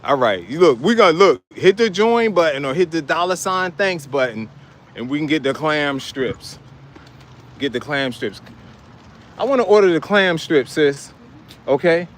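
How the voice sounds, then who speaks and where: A man's voice: a little high, expressive, normal speed. A man casually vlogging outdoors, talking loosely and straight to his viewers. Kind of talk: casual live vlog. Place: outdoors at a city fast-food lot.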